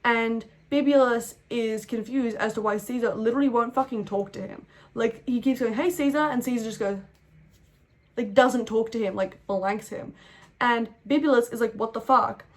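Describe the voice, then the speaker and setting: A woman's voice: fairly high pitch, steady tone, normal speed. A young woman giving a casual, rambling history lesson full of slang, swearing and playful asides. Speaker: history explainer.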